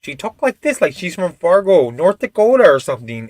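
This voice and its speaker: A man's voice: high-pitched, sing-song, fairly quick, no room sound. Loose, profane male streamer with a slightly raised voice; dry, close recording. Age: adult father of a toddler. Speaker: live streamer. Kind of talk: casual live-stream chat.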